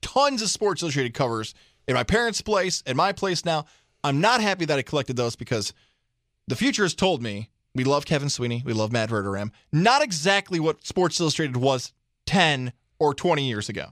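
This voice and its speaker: A man hosting sports radio who talks in an easy, opinionated way. His voice sits a bit high for a man, and the mic sound is dry and close. He keeps the segment moving. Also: very animated, moderate pace, a bit bright, dry recording. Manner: conversational, opinionated, steering the segment. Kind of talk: casual sports talk.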